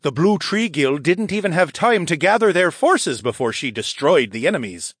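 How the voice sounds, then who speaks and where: A man playing a calm, reassuring courtier. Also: fairly high pitch, moderate pace, no room sound, clean studio sound, voice pushed up, heavily acted. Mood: soothing. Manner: calm, smoothing things over.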